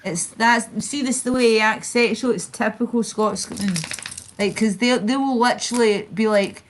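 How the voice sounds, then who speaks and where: A woman's voice: fairly high pitch, normal speed, a little hiss or hum. A Scottish woman streamer telling rambling stories in casual chat, full of fillers and restarts. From Scotland. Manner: rambling, filler-heavy storytelling.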